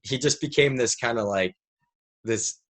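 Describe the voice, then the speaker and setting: A man's voice: mid-range voice, unhurried. A man in his thirties, a podcast guest telling a rambling story in casual interview talk, peppered with "like". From United States. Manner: rambling, animated storyteller who fills with "like".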